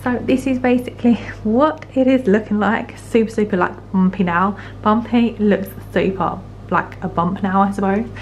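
Young woman, casual home vlogger, rambling and chatty with lots of fillers, mid pitch. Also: normal speed, few pauses, highs cut off, slight background noise. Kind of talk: casual pregnancy update vlog.

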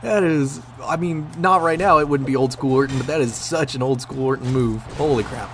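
A man commentating on his own gameplay, excitable, swearing and yelling at the game. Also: medium pitch, brisk, background noise. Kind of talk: let's play commentary.

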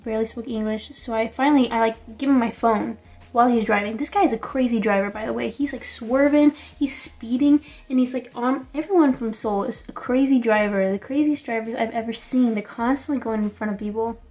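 Chatty young woman, slightly high voice. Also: brisk, darkish tone. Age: young adult. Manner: chatty, fills speech with "like". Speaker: vlogger. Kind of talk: casual storytelling to camera. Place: small quarantine room indoors.

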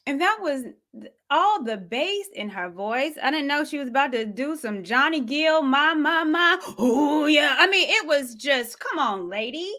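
A woman hosting her own commentary show, sassy and animated, with quick asides. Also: high voice. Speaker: host. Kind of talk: commentary vlog.

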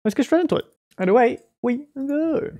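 A man's voice: very high-pitched, animated, fairly quick, mellow. A man hosting a casual meme reaction video. He speaks in short exclamations and laughs often. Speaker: YouTube reaction host.

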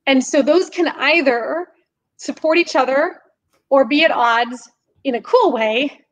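A woman guest on a podcast interview, explaining her craft in an animated, chatty way and laughing now and then. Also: high voice, a little slow, rough recording. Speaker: podcast guest, singer and composer. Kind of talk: conversational interview.

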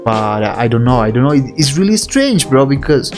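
A young man giving anime reaction commentary, excitable and emotional, swearing and often laughing while he talks. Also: mid-range voice, moderate pace, faint music behind. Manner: excitable and emotional, swearing, frequent laughter, calls the viewer bro.

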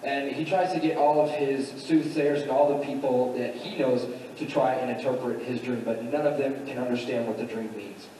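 A man's voice: medium pitch, steady tone, normal speed, hardly any pauses, mellow, a little hiss or hum. A man preaching a sermon, retelling a story casually with many fillers, in a church sanctuary. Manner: casual, filler-heavy retelling with "like" and "you know". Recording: echoey hall from far off.

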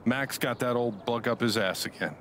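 An actor playing a blunt, joking middle-aged bar owner in a video game, swearing easily. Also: male voice, mid-range voice, normal speed, a bit bright, a little hiss or hum, natural voice.

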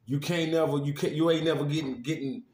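A man's voice: on the high side, steady tone, quick pace, a little mellow, echoey room. A man analyzing football plays in casual sports talk, stumbling over restarts. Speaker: co-commentator.

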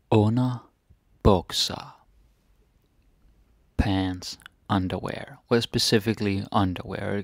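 A man with a Danish accent teaching a relaxed vocabulary lesson, repeating each word and tagging lines with a questioning "eh?". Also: deep voice, gravelly, no room sound, clean studio sound. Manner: relaxed, repeats words slowly, tags sentences with "eh?".

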